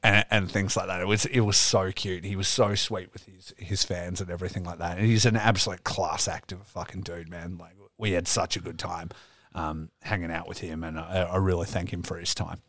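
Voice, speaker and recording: A man's voice: low-pitched, level tone, fairly quick, fairly bright tone. Profane man telling a rambling story. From Australia. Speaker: podcast co-host. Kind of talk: casual podcast chat.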